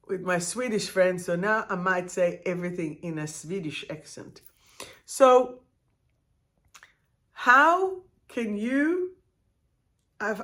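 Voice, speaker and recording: A woman spiritual life coach talking live to her viewers, expressive and direct, drawing out her words and asking them questions. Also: a little high. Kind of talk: live-stream talk to viewers.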